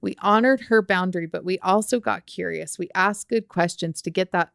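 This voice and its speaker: A woman's voice: fairly low pitch, normal speed, gravelly, no room sound, studio quality. A woman on a podcast, earnestly telling a story about helping her child through anxiety, in casual conversation. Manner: earnest, storytelling, warm retelling of dialogue. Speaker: mother sharing a parenting story.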